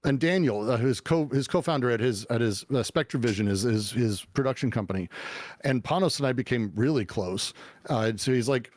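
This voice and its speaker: A middle-aged man telling his life story as an interview guest, animated and swearing, with many fillers and restarts. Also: mid-range voice, a little fast, no room sound, studio quality. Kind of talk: casual storytelling.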